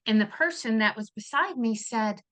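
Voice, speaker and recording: A woman in her fifties talks as a guest in a relaxed interview, her voice sitting fairly high. She speaks in an animated way, breaking off and restarting her sentences and laughing easily. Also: normal speed. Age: 50s. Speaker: guest, therapeutic riding founder. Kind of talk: casual interview chat.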